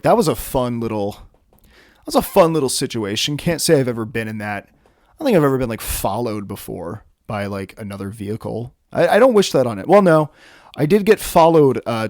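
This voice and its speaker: A man's voice: medium pitch, animated, a little fast, a little mellow, no echo, clean studio sound. A young man casually telling a story on his vlog, rambling with lots of filler words and swearing. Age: young adult. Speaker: vlogger.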